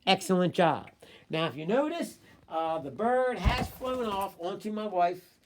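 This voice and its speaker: A man's voice: sits high, animated, unhurried. A male teacher giving an online phonics lesson, reading a short story and prompting students with encouraging, repetitive drills. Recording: voice distant from the mic.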